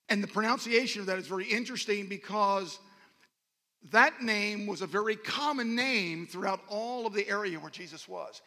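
A man with a high, gravelly voice preaches a sermon in a folksy, rambling way, dropping joking asides to his congregation. His tone is bright and edgy. The sound carries the long reverb of a large church hall. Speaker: pastor.

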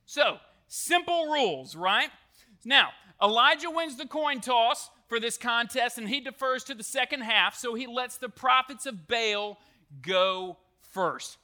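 Animated, bright-voiced male preacher. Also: high-pitched. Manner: animated storytelling with jokes and asides. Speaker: youth pastor. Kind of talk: sermon to students.

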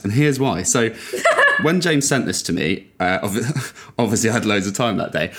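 A man co-hosting a podcast, going off on an exasperated rant. His voice sits low, and he breaks into incredulous laughs while he argues his point. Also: a bit bright. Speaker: podcast co-host. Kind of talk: casual chat.

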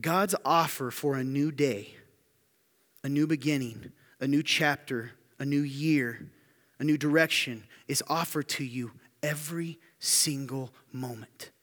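A man preaching a sermon to his congregation, emphatic and often asking the room rhetorical questions. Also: unhurried. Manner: emphatic, building to loud high-pitched intensity. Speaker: pastor. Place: church hall. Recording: long hall reverb.

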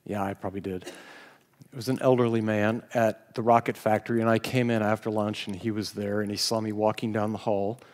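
A man's voice: on the low side, darkish tone. A male pastor preaching a sermon, telling stories with self-deprecating humor and laughing now and then. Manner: storytelling, self-deprecating, laughs while speaking. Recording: long hall reverb.

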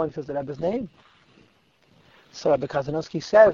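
A man telling a Hasidic story to listeners in an animated, emphatic way, repeating words for stress. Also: a little high, quick pace, long pauses, breathy edge. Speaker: religious storyteller. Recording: dull lo-fi, dry recording.

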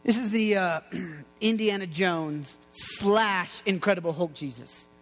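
A man preaching an excitable, joking sermon, like a youth pastor, full of playful asides. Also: high voice, slow pace, long reverb tail. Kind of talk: lively sermon.

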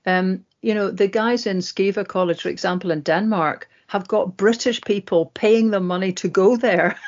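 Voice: mid-range voice, steady tone. Chatty co-host on muffled audio. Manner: chatty, rambling, quick asides. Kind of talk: casual discussion.

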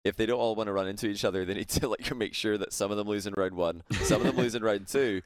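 Low-voiced Scottish caster, rapid and explanatory. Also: male voice, no echo, studio quality. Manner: quick, explanatory. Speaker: esports caster. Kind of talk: casual panel chat.

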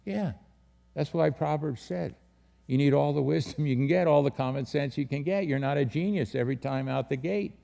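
Gravelly-voiced pastor teaching a small group. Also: male voice, on the high side, moderate pace, dark tone. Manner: direct, questioning, repeats key words. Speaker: pastor leading a leadership training.

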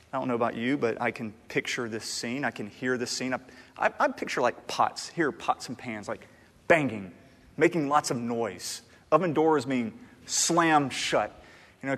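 Male pastor preaching in a reverberant hall. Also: on the high side. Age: adult, married. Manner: conversational, animated, with frequent restarts. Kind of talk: sermon.

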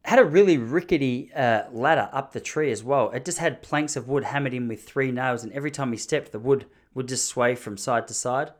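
A man's voice: medium pitch, brisk, hardly any pauses. A man in his thirties telling a story casually and with animation. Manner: animated, mimics the people in his stories. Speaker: vlogger.

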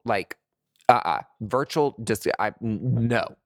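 A man talking candidly to his viewers in a sassy, animated way, full of swearing and pet names, with sudden high squeals of disgust. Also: slow pace, no room sound, clean studio sound. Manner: very expressive pitch swings, high squeals of disgust. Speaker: vlogger sharing dating opinions.

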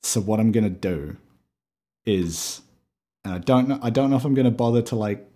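A man's voice: fairly low pitch, normal speed, warm tone. A man co-hosting a podcast over a video call, chatting casually, swearing freely and laughing often. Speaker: podcast co-host.

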